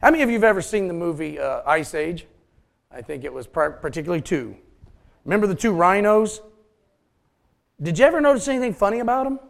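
Folksy pastor with a gravelly voice. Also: male voice, high-pitched, animated, fast, pauses often. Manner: folksy, joking asides to the congregation. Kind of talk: sermon.

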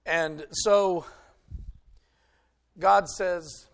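A male preacher delivering a sermon, retelling a story and swinging between loud emphasis and hushed asides. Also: fairly high pitch, animated, a little slow.

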